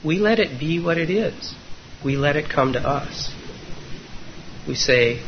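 A man giving a dharma talk as a meditation teacher, retelling a story gently and unhurriedly with frequent hesitations, in a dull lo-fi recording with faint noise. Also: fairly high pitch, expressive, a little slow, long pauses.

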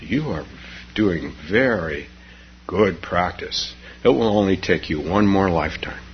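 A man voicing a calm, kindly male Buddha who speaks slowly and gently. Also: fairly low pitch, slight background noise, natural voice. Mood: serene. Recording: dull lo-fi recording.

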